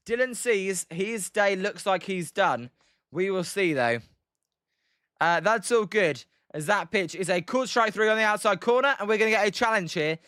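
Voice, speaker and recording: A high, bright-toned British man calls the game pitch by pitch on a casual live stream. His voice is smooth and clear, and he keeps chatting with viewers between plays. The sound is close and dry. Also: animated, normal speed, no room sound. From Britain. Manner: chatty, answers viewers' chat messages between pitches, many fillers. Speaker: live stream play-by-play host. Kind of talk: casual live play-by-play commentary.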